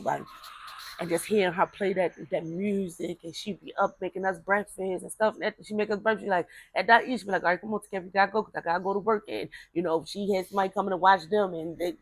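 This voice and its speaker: A woman telling a personal story in a casual, animated way, acting out the voices of the people she quotes. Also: medium pitch, quick pace, no room sound.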